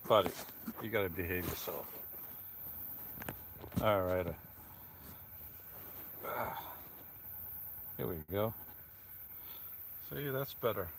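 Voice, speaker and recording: Male vlogger, low-pitched, hushed casual chat into a close phone, faint background noise. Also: lively intonation, slow pace, creaky, pauses often. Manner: talks quietly, keeping his voice down. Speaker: vlogger live-streaming. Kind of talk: casual live stream chat. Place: inside a van on a rainy night. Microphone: phone propped close.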